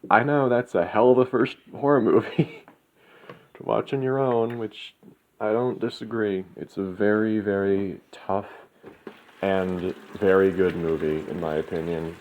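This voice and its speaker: A man's voice: on the low side, steady tone, a little slow. A man talking in a rambling, profane, ranting monologue as host of his own channel. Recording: slightly dull lo-fi, faint background noise.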